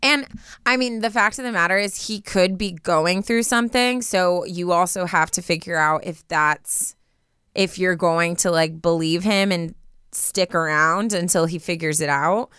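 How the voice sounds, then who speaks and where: A young woman with a low-set, very smooth and clear voice, chatting casually as a podcast co-host. She talks loosely, filling her sentences with "like". The sound is close and dry. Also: fairly even intonation, measured pace, a bit bright, dry recording. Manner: chatty, full of "like" fillers. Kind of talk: casual advice chat.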